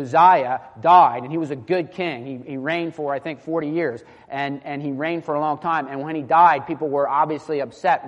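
A young man preaching a sermon in an earnest, impassioned way, often restarting his sentences. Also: a little high. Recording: long hall reverb.

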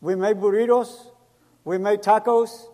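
High-voiced pastor preaching in an echoey hall. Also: male voice, steady tone, unhurried, dark tone. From El Salvador. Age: middle-aged. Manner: storytelling, acts out quoted voices, non-native grammar. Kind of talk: sermon with personal stories.

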